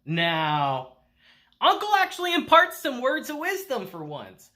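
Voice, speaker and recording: A man's voice: very high-pitched, wildly swooping pitch, a little slow, pushed and bright. A man casually recapping and reviewing an anime episode, laughing often and swearing freely.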